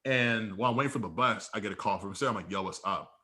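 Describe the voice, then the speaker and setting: A man's voice: lowish voice, racing, bright, forceful tone. A young man co-hosting a podcast, telling stories in casual, slangy, profane chat with acted-out dialogue. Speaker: podcast co-host.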